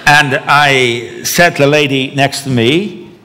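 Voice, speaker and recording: A man's voice: medium pitch, takes it slowly, sharp tone. A man preaching a sermon, telling a story with wry humor as he teaches. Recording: long hall reverb.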